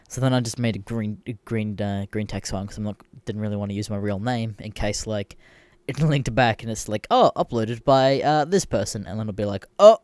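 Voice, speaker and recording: A young man, hosting a solo podcast and ranting with lots of swearing, swinging between grumbling and bursts of shouting. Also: medium pitch, dry recording. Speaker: podcast host. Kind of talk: casual solo rant.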